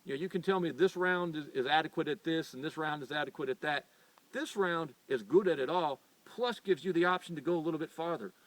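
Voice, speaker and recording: A man's voice: on the high side, a little fast, no room sound. Rambling middle-aged American man, heard from a distance. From United States. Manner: rambling, with frequent stumbles and repeated words; earnest and insistent when arguing. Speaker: firearms channel host. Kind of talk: unscripted opinion monologue. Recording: voice picked up from a distance.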